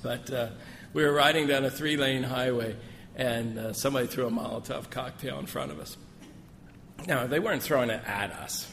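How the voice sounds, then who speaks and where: A man's voice: mid-range voice, moderate pace, creaky, a bit bright. A man speaking as a missionary at a gathering, telling folksy, joking stories full of asides. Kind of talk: sermon with personal stories. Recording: long hall reverb, faint room noise.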